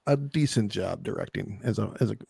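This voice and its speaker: A man's voice: on the low side, animated, fairly quick, gravelly, background noise. A man in a casual movie-discussion podcast, joking, laughing often and swearing freely.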